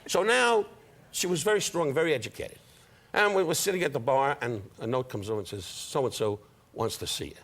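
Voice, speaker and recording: A man's voice: medium pitch, lively intonation, fairly quick, fairly bright tone. An older man, a comedian guest on a talk show, teasing the host in brash insult-comic banter over studio audience noise.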